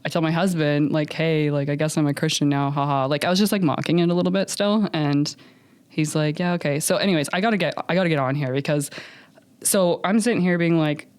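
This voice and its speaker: A young adult woman, a podcast guest, telling her story in an animated, filler-heavy way and acting out what others said. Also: deep voice, a little fast, no echo. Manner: animated, many fillers, acts out others' lines. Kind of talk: storytelling in a conversational interview.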